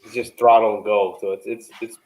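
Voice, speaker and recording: A man speaking as a guest in a casual chat, relaxed and thinking aloud. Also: lowish voice, a little fast, rough recording.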